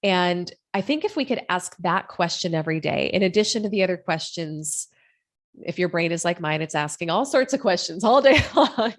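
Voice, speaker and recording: Earnest woman podcast host, lowish voice. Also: moderate pace. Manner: earnest, reflective, with rhetorical questions. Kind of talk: solo podcast monologue.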